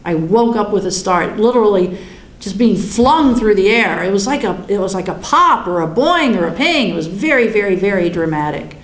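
A woman in her sixties telling a personal story in a chatty, animated way, often laughing. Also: mid-range voice, moderate pace, roomy sound. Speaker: guest recounting a near-death experience.

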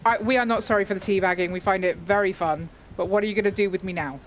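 A woman's voice: medium pitch, fast talker. A woman streaming a game, chatting casually in a playful, teasing, pleading way. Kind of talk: casual gameplay banter. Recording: dull lo-fi stream audio with faint noise.

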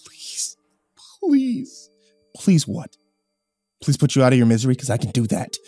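A man's voice: medium pitch, a little fast, dark tone, husky, no room sound, studio quality, faint music behind, lightly acted. A man voicing a menacing soldier husband. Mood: contemptuous. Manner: cold, threatening, mocking.

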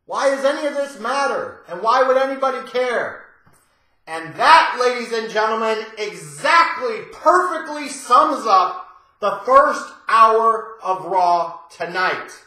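A man reviewing a wrestling show in a profane, sarcastic rant with shouted bursts. His voice sits very high and is drawn out slowly. The sound bounces around a very echoey room. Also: lively intonation. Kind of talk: ranting review commentary.

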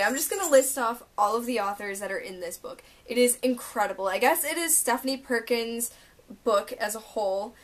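A young woman vlogging a casual book haul and unboxing, gushing and excitable as she talks through each book. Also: a little high. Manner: gushing, excitable, lots of "oh my gosh".

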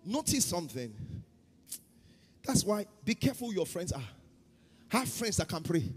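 Husky-voiced pastor preaching. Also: male voice, high-pitched, big pitch swings, moderate pace, long reverb tail, faint music behind. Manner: swings from loud chanted prayer to quiet storytelling. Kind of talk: sermon. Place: church hall.

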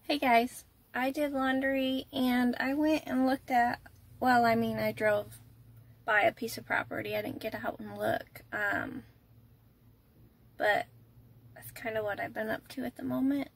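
A woman's voice: fairly high pitch, fairly even intonation, unhurried, gravelly. A woman, chatting casually and rambling a bit as she vlogs her day to the camera. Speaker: vlogger.

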